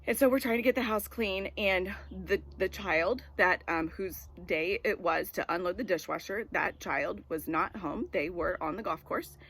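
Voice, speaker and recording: A woman in her forties with a fairly low voice gives a casual devotional talk. She rambles through a personal story, full of "um" and "like", in an easygoing, conversational way. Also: normal speed, hardly any pauses, fairly bright tone, husky. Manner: rambling, storytelling with filler words. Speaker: devotional speaker.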